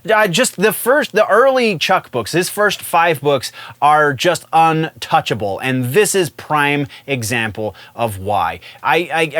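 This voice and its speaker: A man's voice: fairly high pitch, a bit bright, no echo. A man hosting a casual solo commentary show, chatty and loose, with fillers and self-corrections. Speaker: host.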